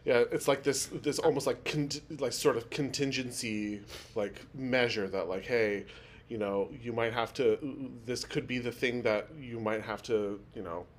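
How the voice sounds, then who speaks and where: Rambling man co-hosting a podcast. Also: mid-range voice. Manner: rambling with many fillers, acts out quotes in a raised voice. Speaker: podcast co-host. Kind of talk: casual chat recapping a TV episode.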